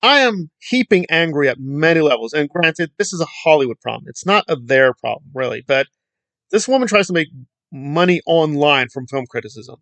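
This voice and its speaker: A man delivering heated commentary with a sarcastic, rambling edge. His slightly high voice swings widely up and down as he works himself up. The sound is dry and close, with no room around it. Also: lively intonation, normal speed, fairly bright tone, no room sound. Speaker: online film commentator. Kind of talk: ranting commentary.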